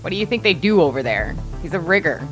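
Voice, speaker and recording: Brief: woman, lowish voice, very lively swings, excitable table-game player. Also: soft background music. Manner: animated, rambling, quick to laugh. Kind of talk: casual tabletop play.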